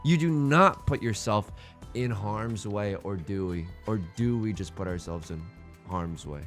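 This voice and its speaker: A young man giving casual, playful commentary while he plays an online game, with jokey asides and sudden excited jumps. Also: fairly low pitch, unhurried, faint music behind. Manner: drops to a stage whisper at times. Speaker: let's play streamer.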